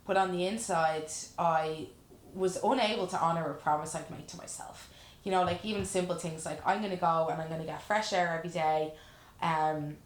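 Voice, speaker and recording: A woman with a notably low speaking voice talks about her coaching work in an earnest, reflective way, frank enough to swear casually. The room has a noticeable echo. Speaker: life coach guest. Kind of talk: candid casual chat. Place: room in a lash salon. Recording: roomy echo.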